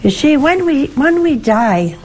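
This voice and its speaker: An older woman, a nun hosting a call-in show, teaching faith in a slow, gentle, emphatic way with rhetorical questions. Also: sits high, very animated, a little hiss or hum, rough recording. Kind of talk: religious teaching and call-in advice.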